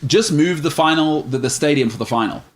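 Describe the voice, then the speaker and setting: A man's voice: fairly high pitch, expressive, a little fast. A man hosting a sports talk show, chatting casually and jokingly as he reads out viewer questions and gives firm opinions. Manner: opinionated, joking, stumbles over names.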